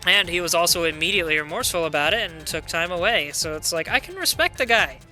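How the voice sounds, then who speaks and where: A man with a high, very bright voice chatting casually through a game playthrough, reading dialogue aloud between his own remarks. Quiet game music runs underneath him. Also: expressive, fast talker. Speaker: gameplay commentator. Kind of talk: let's play commentary.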